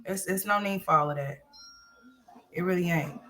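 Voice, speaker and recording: A middle-aged woman hosts a casual livestream commentary from home. Her voice sits a little low. She talks bluntly and emphatically, repeats herself, and swears without hesitation. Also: moderate pace, a bit bright.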